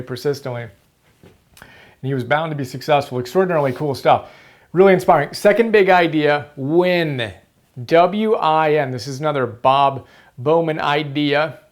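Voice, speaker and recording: A man's voice: fairly high pitch, normal speed. A man hosting a motivational book-summary video, earnest and emphatic, repeating key phrases for stress.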